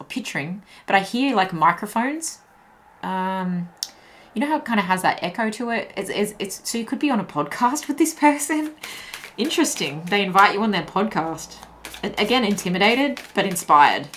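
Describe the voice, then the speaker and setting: A woman's voice: fairly low pitch, fairly bright tone, slight background noise. A woman giving a tarot reading to her viewers, chatty and thinking aloud, with lots of fillers and restarts. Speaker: tarot reader. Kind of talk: intuitive tarot reading to camera.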